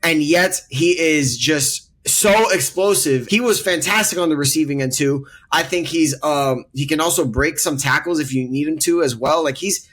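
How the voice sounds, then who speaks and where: A man's voice: on the high side, normal speed, hardly any pauses, a bit bright. A man co-hosting a casual sports debate podcast, earnestly laying out his rankings with emphatic repetition. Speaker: podcast co-host.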